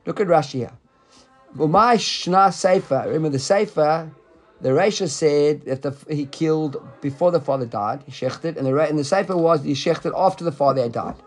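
Guy teaching talmud, kinda high voice, lively, acts out the rabbis, asks his student questions. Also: moderate pace, soft background music. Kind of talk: explaining a text in a study class.

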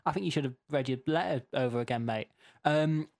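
A man's voice: on the high side, brisk, gravelly, darkish tone. Hesitant man hosting a comedy podcast. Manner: hesitant, filler-heavy, mock-serious. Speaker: podcast co-host.

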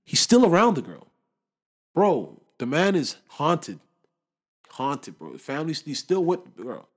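Animated young man in slangy chat. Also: a little slow. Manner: animated, slangy, swings from loud to low. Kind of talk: casual chat.

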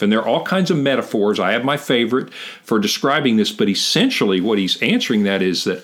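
A man with a lowish voice talking through scripture in a relaxed conversation. He gets animated when quoting, jumping up high in pitch to act the lines out. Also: fairly quick. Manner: animated, acts out quoted lines with big pitch jumps. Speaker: Bible teacher, guest. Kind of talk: casual theological discussion.

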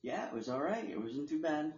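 A woman's voice: low voice, sing-song, a little fast, a little mellow. A woman co-hosting a podcast in casual chat, laid-back, giving short replies that trail off. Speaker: podcast co-host. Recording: roomy, dull lo-fi sound.

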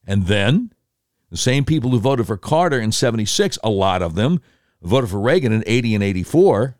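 A man telling political history in an animated way, breaking into quick impressions of voters and politicians. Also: lowish voice, dry recording, studio quality.

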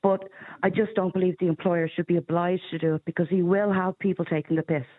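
An Irish woman giving blunt, opinionated views in casual radio chat, quick to laugh. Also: lowish voice, steady tone, narrow, tinny audio. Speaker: radio panelist.

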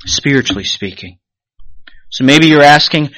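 A man preaching a sermon as pastor, animated, rising sharply then dropping to a hush, and briefly acting out the voices of the people he quotes. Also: medium pitch, moderate pace, dry recording, muffled recording. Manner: animated preaching with sudden rises and hushed drops; acts out quoted voices of the congregation.

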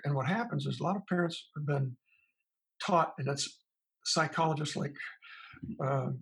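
A man's voice: fairly high pitch, gravelly, breathy edge, poor audio. A man, a psychologist, answering in an interview, retelling his talks with parents in a conversational way. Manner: recounts parent dialogues, thinking aloud with restarts. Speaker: psychologist guest.

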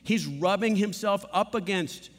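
A man's voice: high-pitched, measured pace, long reverb tail. A man preaching a sermon as pastor, emphatic and repetitive, with playful asides.

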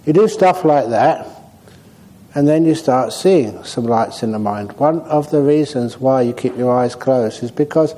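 Mellow-voiced monk giving a dharma talk. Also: male voice, medium pitch, poor audio. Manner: relaxed, humorous storytelling. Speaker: Buddhist monk and meditation teacher. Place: meditation hall.

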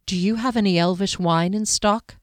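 A woman's voice: medium pitch, steady tone, normal speed, dry recording, studio quality, lightly acted. A woman narrator voicing a guarded young woman traveler who speaks tersely and with poise. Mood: poised.

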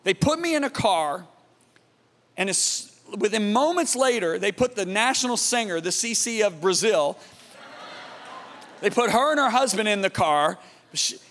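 High-voiced man preaching in a reverberant hall. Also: animated, measured pace, pauses often. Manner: dramatic, swings from loud emphasis to hushed awe. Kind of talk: sermon storytelling.

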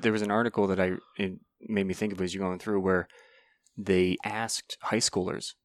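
A man's voice: deep voice, flat delivery, moderate pace. A man in casual conversation, thoughtful and asking probing questions. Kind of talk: casual podcast chat.

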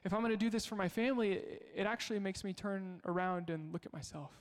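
A man's voice: high-pitched, fast. Man preaching in a reverberant hall. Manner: storytelling, conversational with rhetorical questions. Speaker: pastor. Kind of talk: sermon.

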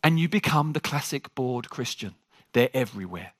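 A man preaching a sermon to a congregation. He jokes with the room and talks in an animated way. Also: medium pitch, normal speed, dry recording, clean studio sound.

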